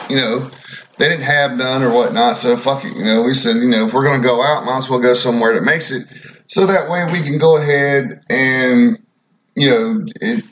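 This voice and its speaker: Male radio host, mid pitch, blunt and profane, casual rambling delivery, dull lo-fi audio. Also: reverberant. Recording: dull lo-fi recording.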